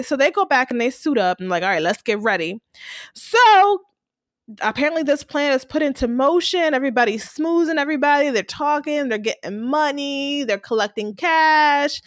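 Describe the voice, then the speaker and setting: Female podcast co-host, excitable recapper, high and very expressive, dry booth sound. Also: dry recording. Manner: animated storyteller, laughs often. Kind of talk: casual TV episode recap.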